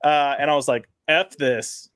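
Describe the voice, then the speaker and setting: A man's voice: on the high side, measured pace, clean tone, no room sound, clean studio sound. A man on a panel who jokes around in casual chat and tells a personal anecdote. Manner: joking, relaxed.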